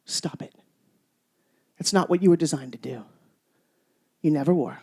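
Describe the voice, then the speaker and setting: Woman, motivational stage speaker, playful and teasing, animated, loud bursts and hushed asides. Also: low-pitched, fairly quick, husky. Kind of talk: stage speech to a live audience.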